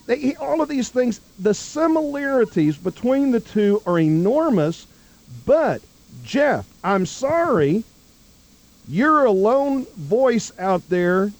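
A man, a guest on a political talk radio show, rambling with many restarts and trailing off low. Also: very animated, slow pace.

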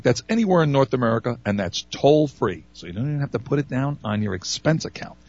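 Male radio co-host, husky voice, brisk and jokey, dry, slightly dull sound. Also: mid-range voice, lively intonation, darkish tone, no echo. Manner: brisk, jokey, reads out numbers. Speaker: radio talk show co-host. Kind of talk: casual on-air chat.

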